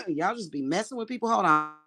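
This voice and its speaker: A woman, ranting to camera in a casual vlog, blunt and animated, with profane slang. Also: mid-range voice, normal speed, breathy edge. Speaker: vlogger.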